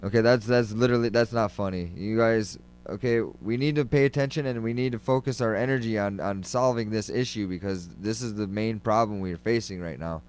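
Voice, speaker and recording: A man's voice: lowish voice, a little fast, hardly any pauses, a little mellow, clean tone, soft background music. A man hosting a casual interview, rambling with lots of "like" and fillers.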